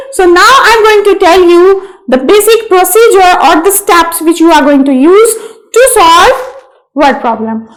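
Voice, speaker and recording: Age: adult. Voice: very high-pitched woman. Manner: slow, emphatic teacher. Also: poor audio. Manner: slow, emphatic, repeats key words; addresses listeners as dear students. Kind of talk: classroom lesson for young children.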